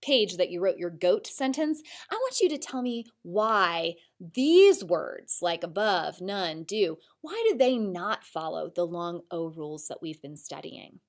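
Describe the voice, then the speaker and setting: Slow, lively-voiced woman teacher. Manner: slow, clear, encouraging teacher voice with lively pitch. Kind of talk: recorded spelling lesson for children.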